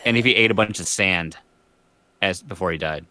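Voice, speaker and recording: A man co-hosting a casual podcast over a video call, excitable and teasing, laughing often. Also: low voice, moderate pace, no room sound. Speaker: podcast co-host.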